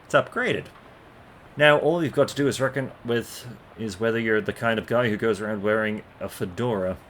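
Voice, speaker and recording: A man's voice: lowish voice, moderate pace, a bit bright, slight background noise. A man playing a game and reading its text aloud, stumbling over words now and then. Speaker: gameplay commentator. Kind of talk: casual let's play commentary.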